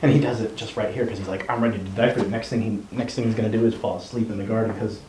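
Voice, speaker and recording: A man's voice: fairly low pitch, fairly even intonation, racing, darkish tone. Man leading a roomy group discussion. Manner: reads passages aloud and asks the group questions. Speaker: discussion leader. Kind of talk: group Bible study discussion. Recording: roomy room sound, faint noise.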